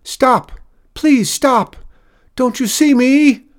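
A man's voice: a little high, sing-song, normal speed, a little mellow, voice pushed up. A man reading a story, voicing a young frontier boy who pleads and stammers in a raised voice. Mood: screaming.

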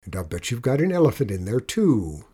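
Man playing a mocking bus driver, quick and doubtful. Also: mid-range voice, very animated, warm tone, husky. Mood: skeptical. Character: skeptical, teasing male bus driver.

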